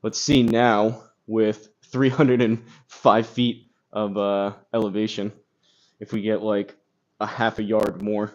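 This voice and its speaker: A man's voice: on the low side, little pitch movement, takes it slowly. A man casually chatting on a golf live stream, rambling with lots of fillers and reading chat comments aloud, recorded on a phone. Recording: slightly dull phone audio with crackle.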